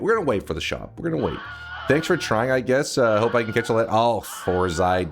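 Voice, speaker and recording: A man in his thirties chatting on a live stream, rambling and swearing, with sudden loud outbursts at his chat. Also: medium pitch, sing-song, moderate pace, music in the background. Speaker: livestreamer.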